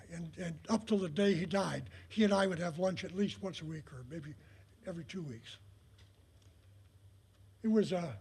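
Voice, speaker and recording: An older man telling rambling stories to an audience, with many filler pauses and acted-out quotes. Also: high-pitched, a little mellow, slightly rough. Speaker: retired prop master giving a talk. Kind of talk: anecdotal storytelling talk. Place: talk in front of an audience.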